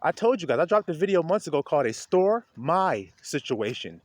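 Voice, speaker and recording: Lively high-voiced preacher man outdoors. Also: a little fast, no room sound. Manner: talks straight to viewers, rising to a loud preaching pitch. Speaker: street preacher. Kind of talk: informal outdoor video sermon. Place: outdoors in melting snow among trees.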